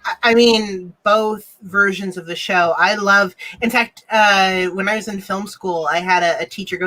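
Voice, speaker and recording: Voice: mid-range voice, steady tone, normal speed, few pauses, sharp tone, rough recording. A podcast co-host telling rambling stories in casual chat, with many fillers. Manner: rambling, anecdotal.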